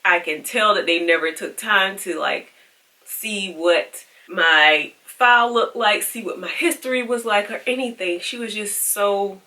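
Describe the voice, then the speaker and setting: A woman's voice: mid-range voice, unhurried, pushed and bright, far from the mic. A woman vlogging, frankly and with exasperation retelling a story and quoting the people in it. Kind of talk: casual storytelling to camera.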